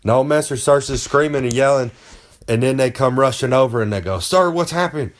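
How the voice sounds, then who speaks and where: This is a wrestler delivering comic advice as a boastful monologue, folksy and rambling, referring to himself in the third person. His pitch is medium, his tone steady, and his delivery brisk.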